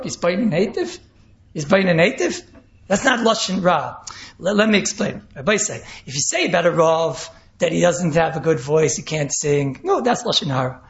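A man, a rabbi, giving an animated Torah class, acting out quotes and mixing in Yiddish and Hebrew terms. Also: high voice, fairly quick, vocal fry. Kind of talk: Torah class on speech ethics. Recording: echoey room, dull lo-fi sound.

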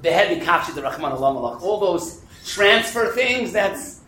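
A man teaching a Talmud class, animated and quick, fielding questions and dropping in Hebrew and Yiddish terms. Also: high voice, echoey room, a little hiss or hum, rough recording. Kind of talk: interactive class lecture.

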